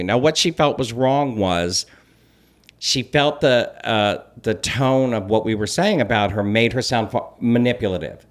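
A man co-hosting a casual podcast chat as a celebrity blogger, telling stories with animated swings in his voice. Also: unhurried. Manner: animated storytelling, lively swings in pitch.

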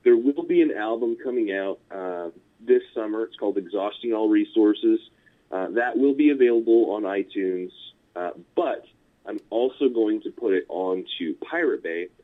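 This is a punk musician guest in a casual interview: a man with a fairly low voice and a Californian American accent. He wanders from point to point, chuckling briefly and filling gaps with "like" and "you know," and the audio sounds thin and tinny like a phone call.

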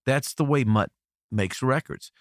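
An animated middle-aged U.S. record producer recounts stories in a casual interview, quick to laugh and prone to restarting sentences. He talks unhurriedly at a medium pitch, recorded studio-quality with no echo.

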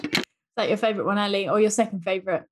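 A woman co-hosting a podcast in casual chat, lively and playful and quick to laugh. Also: mid-range voice. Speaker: podcast co-host.

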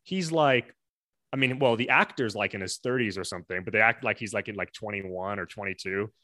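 A man's voice: on the low side, fairly quick, bright, forceful tone, no room sound. A man guesting on a casual podcast, talking in a rambling way with many restarts and frequent "you know". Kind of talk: casual chat.

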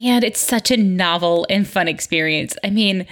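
A woman's voice: medium pitch, a bit bright, soft background music. Upbeat heartfelt woman podcaster. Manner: upbeat, heartfelt, slows to stress points. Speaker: podcast host. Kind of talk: encouraging self-care talk.

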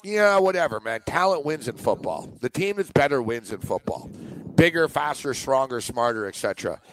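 A man co-hosting a sports betting podcast, animated and opinionated, often laughing. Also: medium pitch, normal speed, slight background noise, poor audio. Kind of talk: casual sports betting chat.

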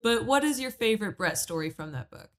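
A woman's voice: a little high, expressive, a little fast, fairly bright tone. Woman host asking interview questions.

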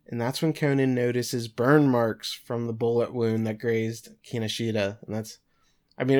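A man co-hosting a podcast, giving a loose, chatty recap of an episode over a remote call. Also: medium pitch. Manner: chatty, loose, with filler words. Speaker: podcast co-host. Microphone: remote call mic.

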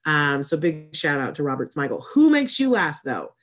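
A woman's voice: low voice, very animated, normal speed. Chatty rambling woman host. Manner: rambling and warm-hearted, with frequent self-interruptions. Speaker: host of an autism community show. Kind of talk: casual chatty monologue to viewers.

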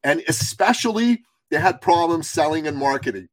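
A man's voice: on the high side, lively intonation, moderate pace, dry recording, poor audio. A middle-aged man from Iran, a guest on a podcast who tells his story with passion and emphasis. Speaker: guest, business coach. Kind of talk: podcast interview.

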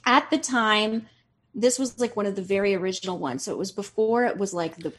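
A woman in her forties, a podcast guest, telling a family story excitedly and acting out the voices. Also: medium pitch, a little fast, breathy edge. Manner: excitable, animated storyteller who acts out voices. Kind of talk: storytelling in casual chat.

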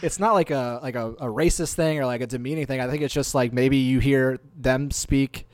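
A man from North Carolina tells stories in a loose, rambling way, hedging as he goes. His mid-pitched voice is recorded dry and close, with no room sound. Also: fairly even intonation, a little fast, no room sound. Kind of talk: casual chat.

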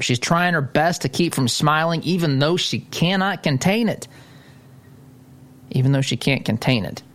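A male talk radio host runs a political monologue with sarcastic indignation. His voice sits at an everyday middle pitch. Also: a bit bright.

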